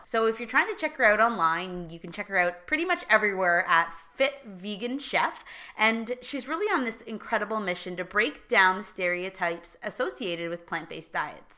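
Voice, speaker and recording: A woman's voice: mid-range voice, pushed and bright. A woman hosting a fitness podcast, speaking in an enthusiastic, motivational way as she introduces her guest. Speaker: podcast host. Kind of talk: upbeat podcast intro and interview.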